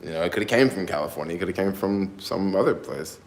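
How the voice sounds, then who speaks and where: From the American South with family in Tennessee, a man with a softened Black Southern accent livestreams casually from his home in San Francisco. His voice is low-pitched and fast with vocal fry, in a roomy-sounding space. He rambles in relaxed slang, loops back on his thoughts, and keeps ending lines with "yo."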